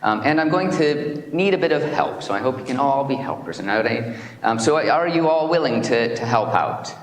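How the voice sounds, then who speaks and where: A man leading a service, reading prayers slowly and telling a story to the congregation with many hesitant fillers. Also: mid-range voice, lively intonation. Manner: slow, measured prayer reading; hesitant fillers when speaking freely. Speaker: minister. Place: chapel hall. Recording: echoey hall.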